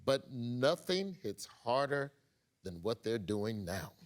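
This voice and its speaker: A man's voice: medium pitch, very animated, slow, over music. A man hosting a satirical news show with a punchy, joking delivery. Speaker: comedy news host.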